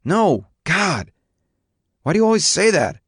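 A man's voice: high voice, very animated, unhurried, husky, dry recording, clean studio sound, voice pushed up, exaggerated voice. A man voicing an upset teenage boy who pleads and sulks, his voice cracking with tears in an audiobook reading. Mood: defensive.

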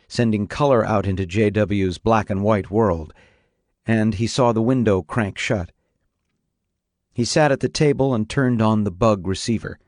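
Measured male narrator, low voice. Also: dry recording, studio quality. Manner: measured, even storytelling. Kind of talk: audiobook reading on radio.

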